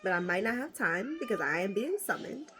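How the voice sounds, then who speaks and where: A woman vlogger chatting casually as she opens card packs, animated and swearing freely. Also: mid-range voice, a little fast, music in the background. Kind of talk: casual chat.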